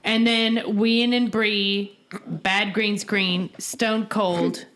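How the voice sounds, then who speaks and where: A woman co-hosting a relaxed podcast, telling stories in a loose, rambling way. She peppers her talk with "like" and keeps it casual and conversational. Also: mid-range voice, very slow. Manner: chatty storyteller, many "like" fillers. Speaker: podcast co-host. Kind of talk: casual chat.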